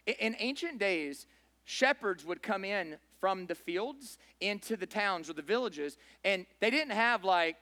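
Guy preaching in church, pretty high voice, talks casual, keeps asking the room stuff. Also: expressive, a little slow, pushed and bright. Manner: informal, asks the congregation questions, says "right?" often. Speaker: pastor. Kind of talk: conversational sermon.

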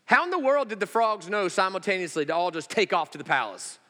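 A male pastor preaching a sermon, an animated storyteller who swings between loud, high exclamations and slow, hushed emphasis. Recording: long reverb of a large hall.

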